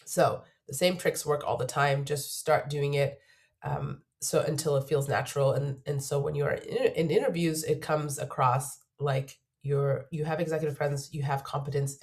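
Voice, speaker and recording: A woman's voice: low voice, a little mellow. A woman job search coach getting over a cold, giving earnest, emphatic advice to camera in a video, repeating her key points.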